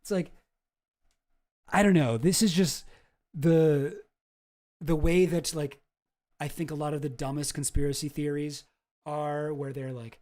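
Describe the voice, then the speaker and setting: Mellow-voiced man ranting casually. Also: on the high side, steady tone, measured pace, pauses often. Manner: rambling and exasperated, swears freely. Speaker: streamer reacting to a video. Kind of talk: casual commentary.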